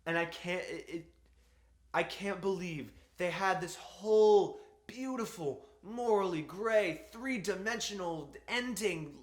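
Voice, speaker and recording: A man's voice: sits high, slow pace. A man giving an exasperated, profanity-laced film review rant. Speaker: movie reviewer. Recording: echoey room.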